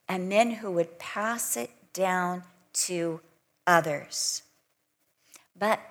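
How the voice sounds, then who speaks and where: An older woman preaching a sermon in an expressive way, acting out the voices she quotes. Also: mid-range voice.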